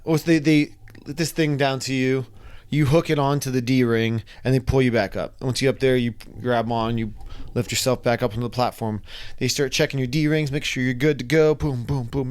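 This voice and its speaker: A young man casually telling a personal story, animated and acting out his own reactions. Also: mid-range voice, normal speed, clear, resonant tone. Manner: animated, acts out his own screams and quotes.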